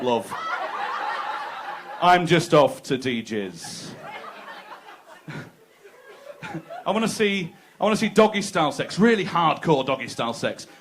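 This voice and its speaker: A man working a comedy club crowd with crude, chatty stand-up. His voice sits a little high for a man, and he talks to the audience directly. Faint room noise sits under the live recording. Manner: conversational, crude, teasing the crowd.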